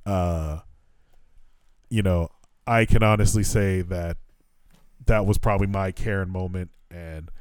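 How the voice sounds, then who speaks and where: A man with a low-pitched, clean-toned voice hosts a podcast, talking a little slowly with long pauses in a dry recording. His casual storytelling is full of swearing, and he animatedly voices the characters.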